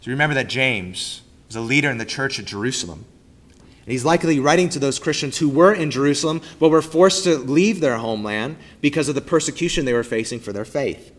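Male pastor, mid-pitched voice, sermon delivery, punchy emphasis with hushed, falling endings. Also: brisk. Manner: emphatic, swings from loud stresses to soft, low trailing endings. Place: church sanctuary.

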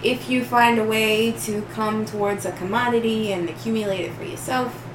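A woman co-hosting a casual chat, blunt and laughing often, with sudden loud bursts. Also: on the high side, steady tone, normal speed. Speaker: podcast co-host. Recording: roomy echo, distant mic, noisy background.

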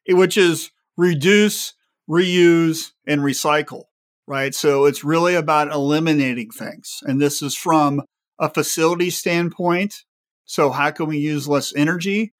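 A man's voice: a little high, fairly even intonation, moderate pace, a bit bright. A man on a podcast panel, explaining shop sustainability and asking many rhetorical questions.

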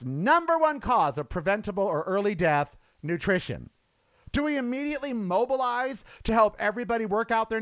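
A middle-aged man rants on his show in a high voice that leaps all over the place. He curses freely and drops from loud outbursts to low, tired asides. The sound is dry and close. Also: no room sound. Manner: angry, profane, swinging between loud outbursts and low weary asides. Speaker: show host. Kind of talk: impassioned political rant.

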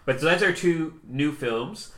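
A man's voice: fairly high pitch, expressive, measured pace, fairly bright tone, roomy sound. A man in his forties hosting a casual chat about upcoming films, talkative and enthusiastic. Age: 40s. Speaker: podcast host, cinema programmer.

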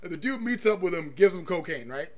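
A male podcast host with a noticeably high-pitched voice, talking in a loose, casual way. He swears constantly and drifts into long, rambling anecdotes. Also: lively intonation, quick pace. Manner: profane, rambling storyteller. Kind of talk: casual chat.

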